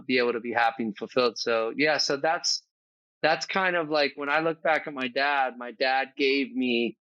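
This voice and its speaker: A man's voice: mid-range voice, pushed and bright, smooth, dry recording, dull audio. A man speaking as a podcast guest in a casual, earnest, reflective conversation, thinking aloud with fillers.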